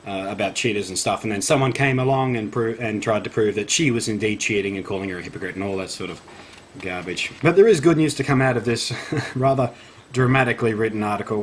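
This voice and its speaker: A man's voice: on the low side, lively intonation, a little fast, slight background noise. An Australian man vlogging, reading a news article aloud and breaking off for sarcastic, wry commentary with frequent laughs.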